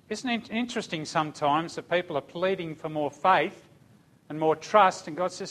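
A middle-aged man, preaching a sermon and telling a personal story, dropping to a hush and then rising to loud cries. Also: sits high, a little fast. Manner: storytelling, swinging from hushed to shouting. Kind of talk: sermon testimony.

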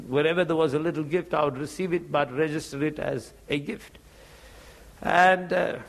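Animated high-voiced male preacher storyteller. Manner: animated storyteller, acts out both sides of dialogue. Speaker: preacher giving a testimony. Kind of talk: storytelling testimony sermon.

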